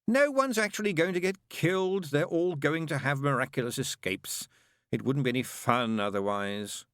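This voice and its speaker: A man voicing a sly, flippant male demon with a quick, mocking, petulant manner, raised well above his own voice. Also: fairly high pitch, fairly bright tone, no echo, studio quality, voice pushed up, natural voice.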